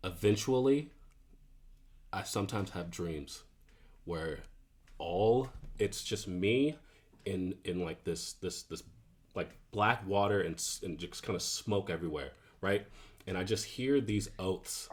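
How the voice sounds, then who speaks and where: Low-voiced guy joking around in character, stammers a lot. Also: animated, slow. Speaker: player. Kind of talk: in-character tabletop play.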